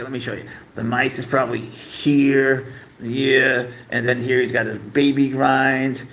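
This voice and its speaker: A pet owner runs a relaxed livestream from a room at home, chatting to his cat and viewers in a meandering way full of fillers. He has a medium-pitched voice with a fairly bright tone.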